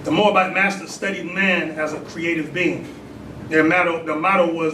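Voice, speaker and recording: A man's voice: fairly high pitch, fairly even intonation, moderate pace, sharp tone. A man in his forties preaching in a temple hall. He reads aloud, laughs between points and asks the congregation questions. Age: 40s. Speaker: religious teacher. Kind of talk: sermon with call and response. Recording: echoey hall, mic at a distance, noisy.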